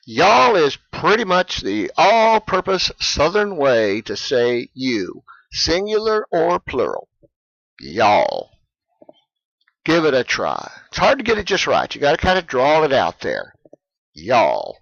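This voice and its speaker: Slow, lively-voiced male English teacher. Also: a little high, dry recording, highs cut off. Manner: slow, clear, emphatic delivery for learners. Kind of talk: scripted explainer lesson.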